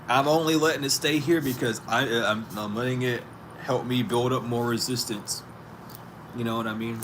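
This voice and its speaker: A man's voice: medium pitch, fairly even intonation, moderate pace, background noise. A man vlogging in a casual, incredulous way, chuckling as he argues back at someone unheard. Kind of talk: casual spoken monologue. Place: outdoors on a street.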